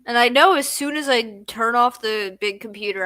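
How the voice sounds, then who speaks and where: A woman's voice: fairly high pitch, moderate pace, bright, forceful tone, no room sound. A tired young woman chatting casually on a late-night livestream at home, yawning and drowsy. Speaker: streamer.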